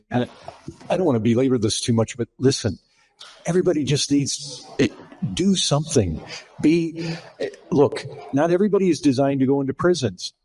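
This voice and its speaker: A man speaks at a middle pitch with a husky edge. He exhorts the listeners urgently, repeating himself in emphatic lists. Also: darkish tone, low-quality recording. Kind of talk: exhortation in a panel talk.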